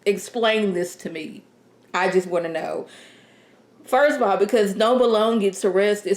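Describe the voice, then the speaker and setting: A woman casually reviewing a TV episode in a sassy, animated, rambling way. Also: lowish voice. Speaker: TV show reviewer. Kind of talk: casual chat.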